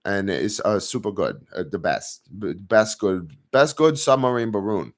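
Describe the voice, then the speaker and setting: A man's voice: on the low side, expressive, a little slow. A man voicing a boastful male Chinese official who speaks clipped, broken English with a Chinese accent. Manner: bragging, repetitive, clipped broken grammar.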